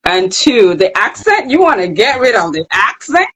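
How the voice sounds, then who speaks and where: A host of a live online chat show who talks with excitement and reads viewer comments aloud. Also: medium pitch, moderate pace, a little hiss or hum, rough recording. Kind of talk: casual live-stream chat.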